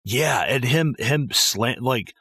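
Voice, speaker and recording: A man's voice: mid-range voice, slow, creaky, husky, dry recording. A man co-hosting a casual movie podcast, swearing often and acting out lines from the film. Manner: profane, animated, acts out film quotes. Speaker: podcast co-host.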